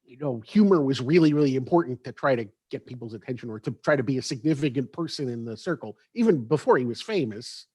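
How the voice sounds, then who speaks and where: Dry-sounding, halting male moderator. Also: mid-range voice, animated, dark tone, breathy edge, dry recording. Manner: halting, drawn-out fillers, joking asides. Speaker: panel moderator. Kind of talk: convention panel discussion. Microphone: video call.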